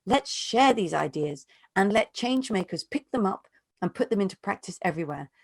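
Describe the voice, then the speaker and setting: A woman speaks with earnest conviction, pressing her points with emphasis. She is an economist giving a keynote and taking questions, heard through a video call. Her voice sits at a middle pitch. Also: lively intonation, normal speed, creaky, no echo. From United Kingdom. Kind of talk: lecture and Q&A answers.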